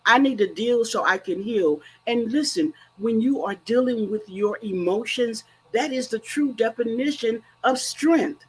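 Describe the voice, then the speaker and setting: A woman's voice: fairly high pitch, a little slow, few pauses, breathy edge, poor audio. A woman grief coach speaking earnestly and emphatically in a faith-based, preacherly way. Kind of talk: faith-based conversational talk.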